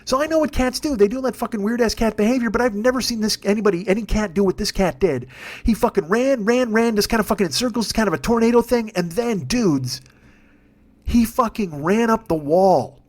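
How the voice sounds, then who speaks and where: A man telling a long comic story in a profane, rambling, animated way, as a podcast host. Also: high voice, fairly quick. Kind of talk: comedic storytelling monologue.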